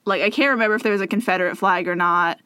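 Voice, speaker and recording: A woman's voice: medium pitch, bright, forceful tone, clear, resonant tone, dry recording. A woman chatting casually with a friend, giggling often and throwing in sarcastic asides. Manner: giggly, sarcastic, quick to laugh. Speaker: co-host guessing state mottos. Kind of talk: casual chat.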